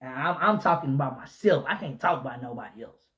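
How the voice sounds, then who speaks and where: A man, a pastor, delivering an impassioned preaching rant, swinging between shouted lines and low muttered asides, with repetitive, emphatic phrasing. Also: animated, fast. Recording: dull lo-fi recording.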